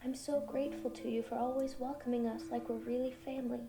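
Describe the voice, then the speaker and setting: A woman voicing a gentle fourteen-year-old boy in an English anime dub, earnest and polite, heard far off in a roomy mix with music. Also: a little high, little pitch movement, fast, lightly acted. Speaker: anime character. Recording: roomy distant clip with music.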